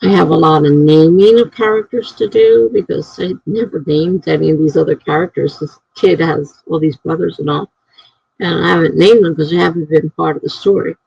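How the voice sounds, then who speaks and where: A woman writer chatting casually on her live stream, rambling and thinking out loud. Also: low-pitched, a little fast, creaky, breathy edge, no room sound. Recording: dry, slightly dull lo-fi mic.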